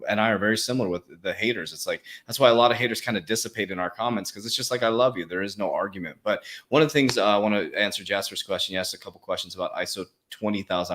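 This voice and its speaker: A man hosting a casual crypto livestream, talking fast and animated with slang and quick laughs. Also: fairly low pitch. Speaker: crypto coach, livestream host.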